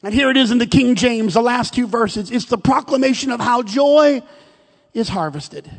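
A man's voice: extremely high pitch, animated, normal speed. A male pastor preaching a fervent sermon in a church sanctuary. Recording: long hall reverb.

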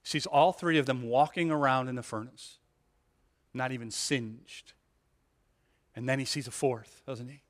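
In a room with long hall reverb, a male pastor delivers a sermon with animation, using rhetorical questions and many "right?" asides while restarting and repeating words to build his point. His voice is mid-range, measured in pace, with frequent pauses.

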